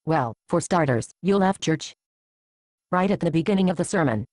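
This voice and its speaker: A woman's voice: sits low, lively intonation, moderate pace, a little mellow, no echo. A woman acting as a frank churchgoing friend who counsels with blunt, dry teasing in an amateur Bible drama. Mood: matter-of-fact.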